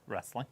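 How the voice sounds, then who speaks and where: A co-host chatting casually on a live stream, joking and laughing often. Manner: jokey, laughs often, lively commentary. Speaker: co-host of a wrestling watch-along stream.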